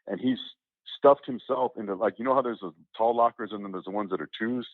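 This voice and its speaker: A man telling a long story in casual chat, rambling and animated, with many restarts and acted-out quotes. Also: lowish voice, fast talker, no echo. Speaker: interview guest. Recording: tinny phone-like line, dry.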